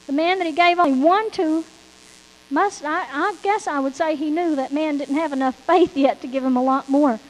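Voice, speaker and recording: Woman preacher, high-pitched, emphatic and repetitive, in a church hall with a long echo. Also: normal speed. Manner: emphatic and repetitive, quoting scripture. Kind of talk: sermon.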